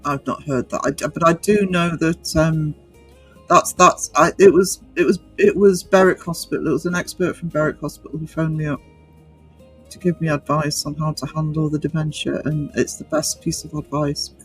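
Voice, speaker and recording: A man hosting a relaxed livestream, reading out comments. He talks in a fairly high voice, stopping and restarting often with plenty of ums. Faint music plays under him. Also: normal speed, low-quality recording. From North East England. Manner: hesitant, many fillers and restarts. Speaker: livestream host. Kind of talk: casual chat reading viewer comments.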